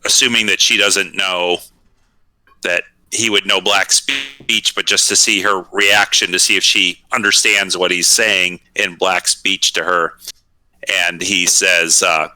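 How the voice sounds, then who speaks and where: A man's voice: low-pitched, fairly even intonation, slow pace, sharp tone, no echo, poor audio. A man playing a tabletop role-playing game, describing his character's moves and thinking aloud as he goes. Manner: thinks aloud with many fillers and restarts. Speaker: player.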